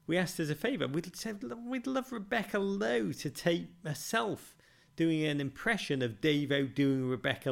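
A man hosting a football podcast answers listener questions in a wry, theatrical monologue. His voice is a little high with vocal fry, and his humour is dry and self-mocking, dressed up with dramatic flourishes.

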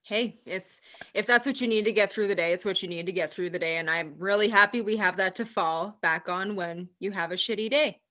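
A woman's voice: mid-range voice, fairly quick, pushed and bright. A woman co-hosting a podcast in casual chat, easygoing and supportive with a wry touch. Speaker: podcast co-host.

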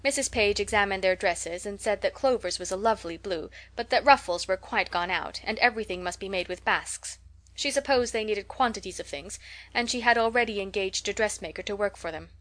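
A woman narrating a classic novel as an audiobook, in steady, even storytelling. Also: mid-range voice, a little fast. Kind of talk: scripted narration.

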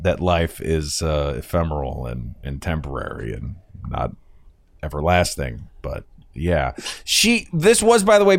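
A man's voice: deep voice, no echo. A man hosting a podcast, chatting casually, rambling and swearing and laughing at his own stories. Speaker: podcast host. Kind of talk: casual chat.

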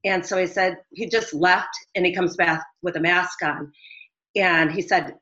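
A woman's voice: lowish voice, steady tone, measured pace, bright, forceful tone. A middle-aged woman, a business owner calling into a talk show, recounting events in an earnest, rambling way. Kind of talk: phone-in interview. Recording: dull lo-fi audio.

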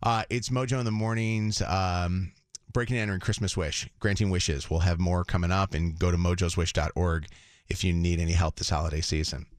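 Detroit morning radio guy, lowish voice, rambling story, laughs a lot, dry studio sound. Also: fairly even intonation, a little fast, no room sound. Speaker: radio show host. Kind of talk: casual morning radio chat.

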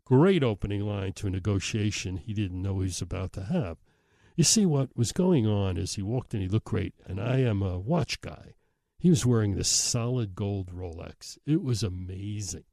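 A man's voice: on the low side, animated, moderate pace, vocal fry, warm tone, no echo, clean studio sound. A middle-aged man, a host telling a story in a wry, self-deprecating way. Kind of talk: storytelling monologue.

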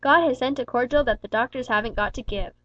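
A woman's voice: fairly high pitch, quick pace, fairly bright tone, dry recording, close to an everyday voice. A woman voicing an injured male railway fireman who speaks earnestly and urgently. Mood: tender. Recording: dull, dry recording.

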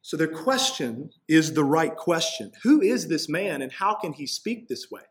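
A pastor with a slightly high, sing-song voice preaches at a measured pace in a conversational style. He frequently checks in with "right?" and acts out the voices of people he quotes.

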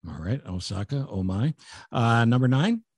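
A man's voice: mid-range voice, lively intonation, normal speed, a little mellow, slightly rough, dry recording, clean studio sound. A man co-hosting a casual chat podcast, joking and teasing in banter. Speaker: podcast co-host.

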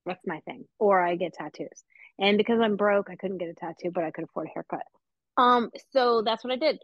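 A woman hosting a casual talk show, telling animated, profane stories and laughing often. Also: mid-range voice, a little fast, no echo, muffled recording. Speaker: podcast host. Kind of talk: casual storytelling chat.

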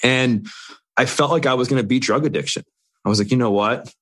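In an interview, a man with a medium-pitched, slightly bright voice tells his own story candidly and earnestly. He speaks fairly quickly, in short phrases that run on into each other.

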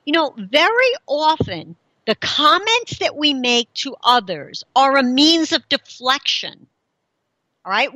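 A middle-aged woman talks to her listeners in a casual, chatty show monologue. Her voice is bright and high, and it swings up and down a lot. She laughs often, and the sound is dry and close. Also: dry recording. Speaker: host.

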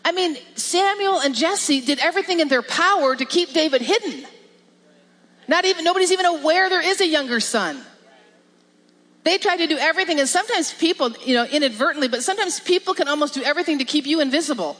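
A woman pastor giving a lively, emphatic sermon with repetition and laughs. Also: high-pitched, fast. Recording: long reverb of a large hall.

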